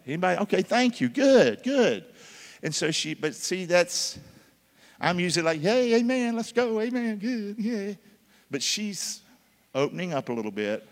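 A male pastor preaching a sermon, calling out for answers from the congregation and swinging between loud and hushed. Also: medium pitch. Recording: long hall reverb.

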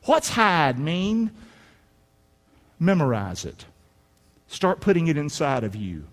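A middle-aged male pastor preaching a sermon in a folksy way, rising to shouts and dropping to near-whispers. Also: high voice, big pitch swings, measured pace, long pauses. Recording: long hall reverb.

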